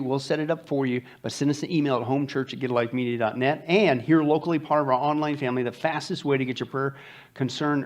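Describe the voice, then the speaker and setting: A male pastor giving church announcements with jokes and then leading a prayer in a sanctuary. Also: medium pitch. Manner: joking, upbeat announcer turning to hushed prayer.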